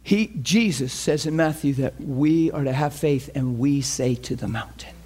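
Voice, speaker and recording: A man preaching a sermon with impassioned, climbing delivery, acting out his own inner voice and building to near shouts. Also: medium pitch, moderate pace.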